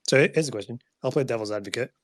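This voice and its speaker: A man talks as a guest on a relaxed podcast in a conversational, questioning way and often laughs along with the others. His pitch is in the ordinary middle range for a man. The recording is dry, with no room echo. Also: rapid-fire. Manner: conversational, plays devil's advocate, laughs along. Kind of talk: casual podcast chat.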